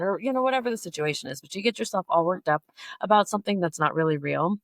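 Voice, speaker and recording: A middle-aged woman talks straight to her listeners in a candid, blunt, conversational way, as a podcast host on personal growth. Her voice has a gravelly fry to it, and it sounds dry and close. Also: lively intonation, a little fast, no room sound. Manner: candid, blunt and conversational, acting out quoted people in a higher voice. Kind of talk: solo personal growth talk.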